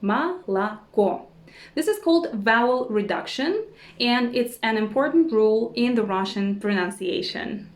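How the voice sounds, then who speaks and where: A woman teaching a language lesson who says each word slowly and repeats it several times, with short words of encouragement. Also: a little high, lively intonation, reverberant. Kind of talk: slow repeat-after-me pronunciation lesson.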